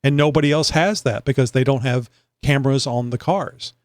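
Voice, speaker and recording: A man's voice: medium pitch, a little fast, no echo, studio quality. A man hosting a podcast, chatting casually in a rambling way with many fillers. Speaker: podcast host. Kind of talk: casual chat.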